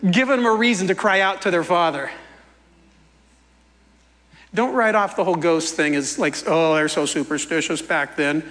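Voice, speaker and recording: A man preaching a sermon in a playful, animated way, acting out the quoted lines as he goes. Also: sits high, long reverb tail. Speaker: pastor.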